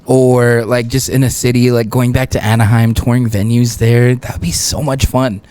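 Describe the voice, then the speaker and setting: A man's voice: medium pitch, level tone, normal speed, mellow. A young man in his twenties from El Paso, a guest singer chatting casually and laughing often. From El Paso, Texas. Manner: laid-back, laughs often, many fillers. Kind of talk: casual podcast chat.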